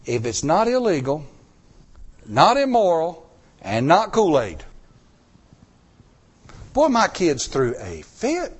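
A middle-aged male preacher with a fairly high voice that swoops up and down as he tells stories from the pulpit. He acts out the people in his anecdotes with shifting voices. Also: wildly swooping pitch, slow, pauses often, husky. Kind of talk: sermon with storytelling.

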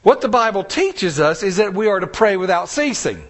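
High-pitched preacher guy, emphatic, drags out the big words. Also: big pitch swings. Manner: emphatic, drawn-out stresses, storytelling. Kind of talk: sermon.

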